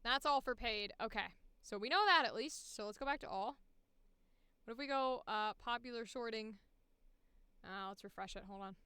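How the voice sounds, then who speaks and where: Woman, chatty, self-critical, smooth clear voice, dry close sound, voice auditions. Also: on the high side, moderate pace, bright, forceful tone, dry recording. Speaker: voice actor. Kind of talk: live-streamed audition session.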